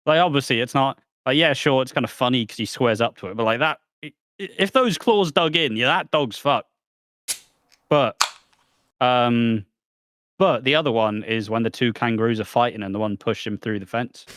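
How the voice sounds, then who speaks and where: A man's voice: mid-range voice, normal speed, a bit bright, no room sound. A man co-hosting a casual podcast, blunt and sweary with dry jokes. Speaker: podcast co-host. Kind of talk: casual chat.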